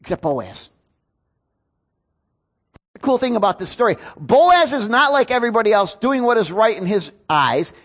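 A man's voice: high voice, big pitch swings, moderate pace, pauses often, a bit bright. A man, a pastor preaching a sermon in an earnest, storytelling way. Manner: earnest, storytelling with rising emotion.

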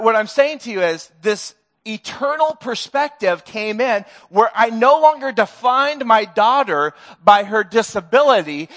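High-voiced earnest preaching man. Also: a bit bright. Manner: earnest, conversational preaching with self-deprecating humor. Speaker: pastor. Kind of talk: sermon. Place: church sanctuary.

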